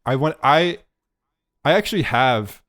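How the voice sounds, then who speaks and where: A man in his late twenties co-hosting a comedy podcast, teasing, incredulous and quick to laugh. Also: mid-range voice, animated, a bit bright. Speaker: podcast co-host and editor. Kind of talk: casual comedic podcast chat.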